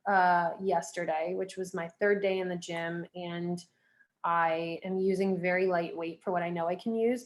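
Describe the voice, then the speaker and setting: A young woman guest on a podcast, talking casually with lots of fillers and giving direct advice. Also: medium pitch. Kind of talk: casual interview chat.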